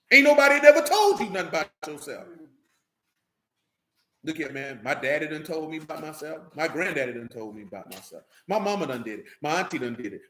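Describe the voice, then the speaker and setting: A man's voice: high-pitched, sharp tone, echoey room. A man preaching an informal sermon to his congregation, reading scripture and breaking off into loose, slangy asides.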